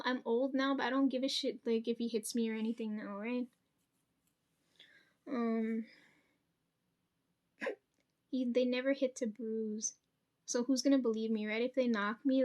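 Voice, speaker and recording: A young woman with a hoarse voice tells a rambling, profane personal story at home, with many ums and restarts. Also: fairly high pitch, darkish tone, dull audio. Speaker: vlogger.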